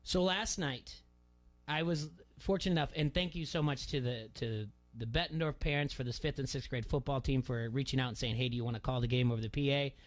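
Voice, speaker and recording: A middle-aged man hosting a casual sports radio talk show, telling a story and getting animated when he quotes people. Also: medium pitch, a little fast. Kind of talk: casual chat.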